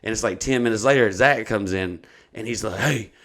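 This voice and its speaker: A man's voice: on the low side, a little fast, a bit bright. A man telling a long, profane, rambling story in casual podcast talk. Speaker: comedian.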